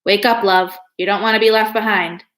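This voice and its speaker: A woman's voice: mid-range voice, fairly even intonation, brisk, a bit bright, close to an everyday voice. A woman voicing a friendly bald man who is chummy and reassuring, in a storybook reading. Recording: echoey room.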